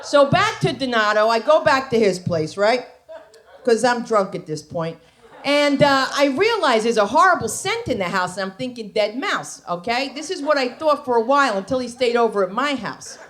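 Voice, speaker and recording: A woman doing stand-up on a club stage, swooping all over her range as she tells stories. Her voice sits a little high. She keeps checking in with the crowd and breaks into shrieks at the big moments. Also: normal speed. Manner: animated storytelling with shrieks and asides to the crowd. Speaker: stand-up comedian. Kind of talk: stand-up comedy set.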